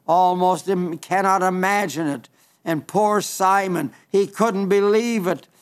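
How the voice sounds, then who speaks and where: Male preacher, high voice, earnest and emphatic sermon delivery, frequent restarts. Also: takes it slowly, clear, resonant tone.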